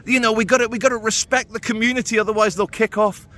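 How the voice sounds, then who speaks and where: A woman's voice: on the high side, fairly even intonation, fast talker, a bit bright, slight background noise, voice pushed up, natural voice. A man mimicking a whiny, fretful politician woman. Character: mocked female politician, fretful and preachy.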